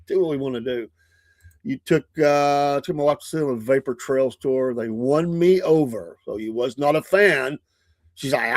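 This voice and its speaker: A man's voice: medium pitch, moderate pace, no echo. A man in the middle of his range runs a casual morning talk show, drifting from story to story and laughing at his own asides. The sound is close and dry, with no room around it, as if he is in a small home studio. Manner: rambling, chuckling often, retells stories.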